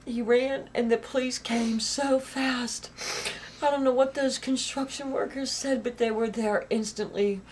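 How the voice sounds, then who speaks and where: Woman interviewee, raw first-person testimony, halting repeats, swings loud to whispered. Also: a little high, steady tone, slight background noise. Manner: halting, repeats phrases, grows intense and loud, drops to whispers.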